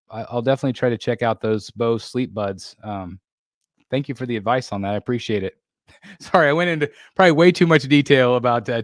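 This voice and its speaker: A man's voice: medium pitch, no room sound, clean studio sound. Chatty man hosting a collector livestream. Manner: rambling, many fillers and restarts. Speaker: livestream host. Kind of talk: casual live chat reading viewer comments.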